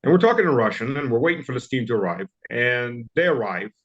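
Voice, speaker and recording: A man in his fifties with a Southern US accent speaks as an interview guest, telling stories bluntly with a wry edge. He hesitates often and restarts his sentences, at a middling pitch. The audio sounds dull and lo-fi. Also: lively intonation. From southern United States. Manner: blunt, wry, halting with many fillers and restarts. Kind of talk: casual interview storytelling.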